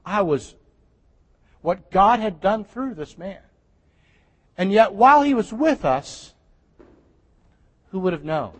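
A man pastor preaching a sermon in a conversational way, with restarts and soft laughs, recorded in a church. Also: high voice, animated, slow, long pauses. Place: church sanctuary. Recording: church hall reverb.

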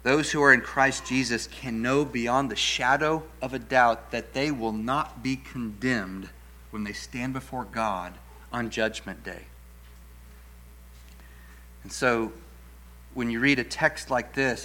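A middle-aged man delivers an earnest teaching sermon as a pastor, his tone bright and forceful. He often trips into restarts and repeated words, then leans heavily on the words he wants the listeners to hold onto. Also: medium pitch. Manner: leans hard on key words for emphasis.

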